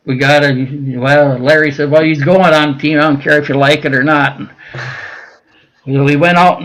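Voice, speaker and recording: A man's voice: medium pitch, a bit bright, low-quality recording. An older man from Minnesota telling long stories as an interview guest, with lots of fillers and restarts. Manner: rambling with frequent fillers and restarts. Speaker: guest, veteran. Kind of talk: casual storytelling interview.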